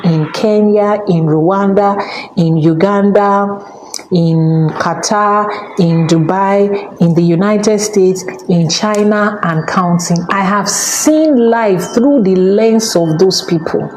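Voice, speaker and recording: A Nigerian woman telling personal stories in an animated way, changing her voice when she quotes other people. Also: medium pitch, slow pace. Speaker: spiritual teacher and channel host. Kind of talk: personal storytelling talk. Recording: echoey room with faint background noise.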